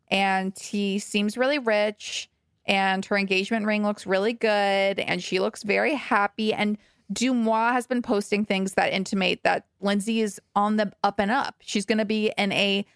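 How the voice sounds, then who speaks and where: Woman cohost gossiping on a podcast, bit of vocal fry, dry close mic. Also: mid-range voice, no echo. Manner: chatty, laughs often, gossipy. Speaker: podcast co-host. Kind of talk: casual gossip chat.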